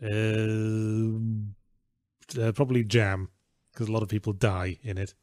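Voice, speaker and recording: A man's voice: fairly low pitch, little pitch movement, measured pace, darkish tone, dry recording. A man co-hosting a casual stream, reading out donations in a dry, sarcastic way.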